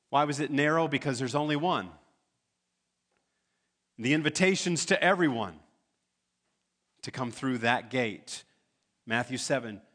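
A man's voice: medium pitch, fairly bright tone. A man preaching a sermon as pastor, emphatic, building to urgent pleas.

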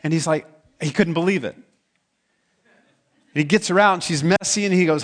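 A man's voice: a little high, moderate pace, pauses often. A man preaching a sermon as pastor, talking in a conversational way and asking the congregation questions. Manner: acts out quoted voices in the stories.

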